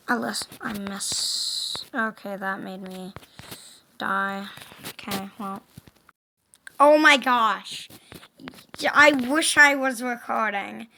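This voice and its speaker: A woman giving casual gaming commentary, excitable, yelping and groaning at the game and talking to herself. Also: medium pitch, vocal fry, a little hiss or hum. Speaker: gameplay commentator.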